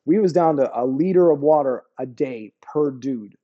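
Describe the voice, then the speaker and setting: A man's voice: mid-range voice, moderate pace, dull audio. A middle-aged American man, an army veteran, telling war stories in a casual interview, laid-back and slangy, often saying "bro" and "you know what I mean.". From United States.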